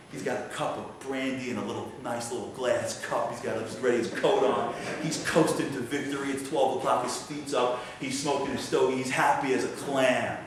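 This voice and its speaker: Animated man preaching in an echoey hall. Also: medium pitch, slight background noise. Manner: dramatic, conversational, rhetorical questions. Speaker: guest speaker. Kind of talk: animated storytelling sermon. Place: synagogue sanctuary. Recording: echoey hall, mic far off.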